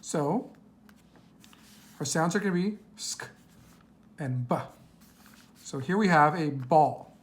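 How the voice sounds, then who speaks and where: A woman teacher reading a worksheet aloud to young children, patient and slow, asking questions and answering them herself. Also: sits low, lively intonation.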